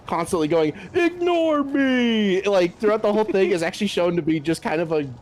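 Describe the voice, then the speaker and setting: A man's voice: high-pitched, quick pace, a little mellow. A man streaming a game, casually chatting and retelling cartoon scenes with constant swearing.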